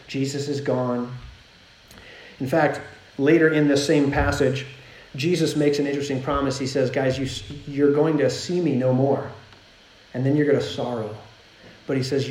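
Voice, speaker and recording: A man preaching a sermon in a conversational style, growing animated when he retells scenes. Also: mid-range voice. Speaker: pastor. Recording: roomy echo.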